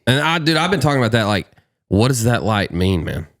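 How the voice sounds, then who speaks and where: A man co-hosting a podcast in casual chat, chiming in quickly and with enthusiasm. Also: mid-range voice, sing-song, fairly bright tone, no room sound, clean studio sound. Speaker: podcast co-host.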